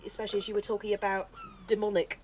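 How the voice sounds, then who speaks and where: A woman's voice: mid-range voice, monotone, rapid-fire, a little mellow, a little hiss or hum, poor audio. A woman who works as a medium, talking as a podcast guest in a chatty storytelling way. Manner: chatty storytelling, repeats phrases. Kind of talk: casual conversation.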